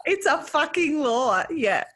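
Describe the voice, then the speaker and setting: Loud, swearing Australian woman host. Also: high-pitched, sing-song, slow, background noise. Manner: loud, swears freely, laughs a lot. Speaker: podcast host. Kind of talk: casual chat.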